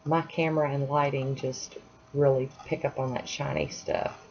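A woman's voice: rumbling low, flat delivery, normal speed, a little mellow. A woman chatting casually through a nail art tutorial at home, apologetic and self-deprecating as she works. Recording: dull lo-fi sound, faint hiss.

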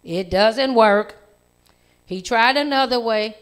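A woman telling a children's story in church, with animated storytelling and lively voice changes. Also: medium pitch, slow pace.

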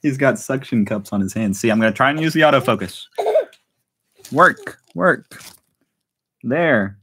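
A man's voice: mid-range voice, unhurried, sharp tone, breathy edge. A man hosting a casual unboxing vlog, chatting and laughing often as he opens parcels. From United States. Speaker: vlog host. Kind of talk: casual chat while unboxing.

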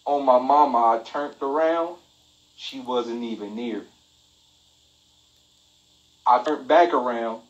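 Animated man telling a funny story. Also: mid-range voice, slow, pauses often, muffled recording. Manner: animated, laughing, repetitive exclamations. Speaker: live stream host. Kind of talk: comic storytelling. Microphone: phone mic.

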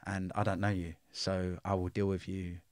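A man's voice: sits low, flat delivery, normal speed, darkish tone, no room sound, clean studio sound. A middle-aged man, telling his life story bluntly in an interview, full of swearing and street slang. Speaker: interview guest.

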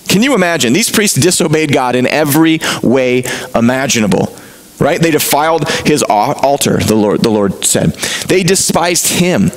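A man's voice: medium pitch, low-quality recording. A male pastor preaching a sermon from the pulpit in an emphatic, rising and falling delivery. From United States.

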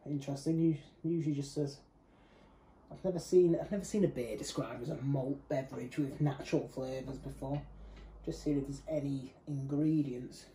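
In poor audio with some hiss or hum, a young man from the UK reviews a beer at a moderate pace, his medium, dark voice fairly even in intonation. He's chatty and meandering, frequently correcting himself partway through sentences.

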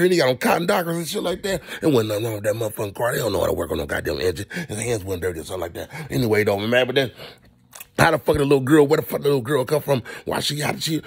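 A man rambling casually through a profane movie review, swinging into loud animated rants. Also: medium pitch, quick pace, husky.

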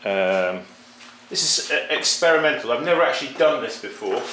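A man's voice: mid-range voice, animated, heavy background noise. A middle-aged man talking casually through a pottery glazing demonstration, often stopping and repeating words as he works. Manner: halting, repeats words, talks while working.

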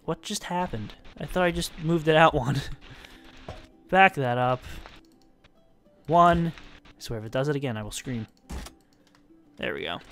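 A man's voice: fairly high pitch, unhurried, pauses often, a bit bright, soft background music. A young man giving casual, self-mocking commentary while playing a building game, talking to himself as he works. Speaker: let's-play gamer.

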